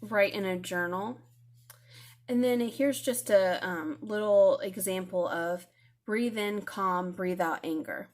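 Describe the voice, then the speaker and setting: A woman giving a video lesson to her students, talking in a gentle, reassuring way with some fillers. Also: medium pitch, slow pace.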